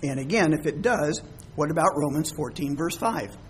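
A man's voice: on the high side, animated, moderate pace, a little hiss or hum. A man preaching a sermon, explaining scripture words with everyday examples. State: coughing, throat troubled. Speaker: pastor.

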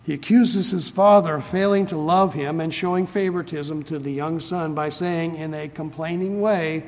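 Earnest preacher in a reverberant hall. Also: male voice, on the high side. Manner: earnest, emphatic, slows on key phrases. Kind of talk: expository sermon reading scripture.

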